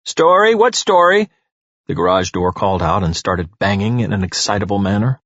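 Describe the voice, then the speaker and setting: Expressive male audiobook narrator, husky voice, dull lo-fi recording. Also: deep voice, brisk, no room sound. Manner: expressive, storytelling.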